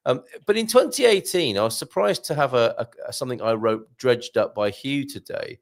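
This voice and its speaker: A man hosts a casual live chat show, his voice gravelly with a lively, swooping pitch. He keeps things moving with questions and quick laughs. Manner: chatty, prompting guests with questions, quick laughs. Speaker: show host.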